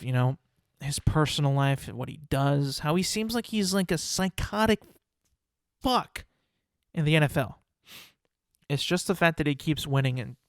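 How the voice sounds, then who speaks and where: A young man hosting a podcast, talking through football results in a rambling, animated, self-mocking way. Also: on the high side, no room sound, studio quality. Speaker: podcast host. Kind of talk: casual solo sports talk.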